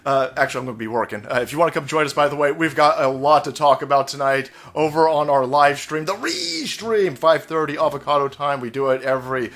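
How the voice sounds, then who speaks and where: A man's voice: fairly even intonation, fast talker, few pauses, fairly bright tone. An American man delivering a profane, mocking comedy rant on a vlog. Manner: profane, mocking, mimics opponents in shrill high voice. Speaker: comedian and political commentator. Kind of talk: ranting vlog monologue.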